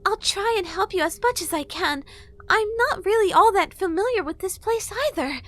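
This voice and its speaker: Woman doing a high, stammering fairy girl. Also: expressive, moderate pace, fairly bright tone, no room sound. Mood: pushy, flustered. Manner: stammering, sarcastic, wheedling. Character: pushy, flustered young female fairy. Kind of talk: audiobook character voice.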